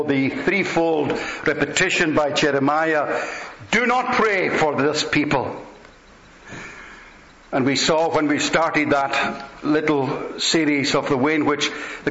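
A man preaching and reading scripture in a measured, solemn way, with slow emphatic pauses. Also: on the high side, fairly bright tone, a little hiss or hum. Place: church. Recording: roomy, dull church recording.

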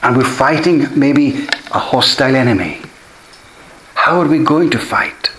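A man's voice: mid-range voice, measured pace, a bit bright, a little hiss or hum. A man preaching a sermon, earnest and emphatic, often repeating key phrases for weight. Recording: echoey room.

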